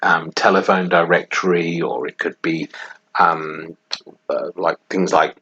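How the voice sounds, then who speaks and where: On a dull, lo-fi recording with faint noise, a podcast co-host chats in a rambling, casual way and laughs a lot. His low-pitched voice is pushed, bright and slightly rough, held to a steady tone at a measured pace.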